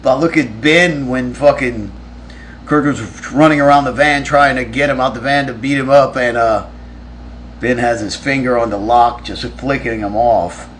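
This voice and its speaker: Male streamer, casual profane storyteller, middle pitch, light background noise. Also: moderate pace, a bit bright. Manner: rambling, profane, with frequent restarts. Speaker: musician answering fan questions on a live stream.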